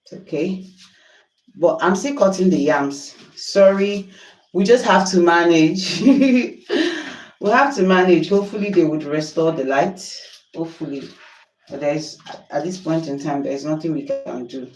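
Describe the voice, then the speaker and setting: A woman's voice: low-pitched, normal speed, roomy sound, far from the mic, poor audio. A Nigerian woman chatting on a livestream while cooking at home, exasperated and apologetic. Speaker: livestream host. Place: home kitchen.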